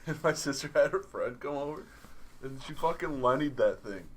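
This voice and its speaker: A man's voice: mid-range voice, animated, moderate pace, a little hiss or hum. A young man in casual podcast chat, cracking dry jokes and laughing partway through sentences.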